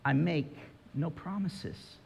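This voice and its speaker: A man voicing a huge, solemn lion who speaks slowly and matter-of-factly in a storybook retelling. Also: sits high, animated, fairly bright tone, pitched above the performer's own voice, full character voice. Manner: slow, grave, matter-of-fact. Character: huge solemn male lion, calm and unyielding. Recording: reverberant hall.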